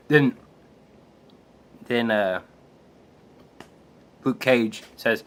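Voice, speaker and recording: Slow, hesitant man reading a comic. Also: medium pitch, a bit bright. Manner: hesitant, with restarts and fillers. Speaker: comic book reader and reviewer. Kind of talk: casual comic read-aloud.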